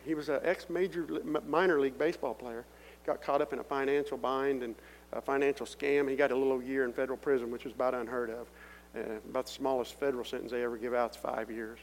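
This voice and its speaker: A man's voice: medium pitch, fairly even intonation, quick pace. Earnest middle-aged man testifying in a hall. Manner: earnest storytelling that swells into loud appeals to the crowd. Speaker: testimony speaker. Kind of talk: sermon-style personal testimony. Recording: echoey hall with faint hum.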